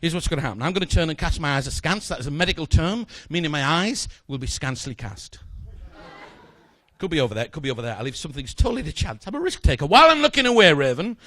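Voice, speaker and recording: A man's voice: fairly high pitch, lively intonation, fast talker, pushed and bright, dry recording. A man performing a magic routine, chatting jokily with a volunteer from the audience on stage. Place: stage in front of a live audience.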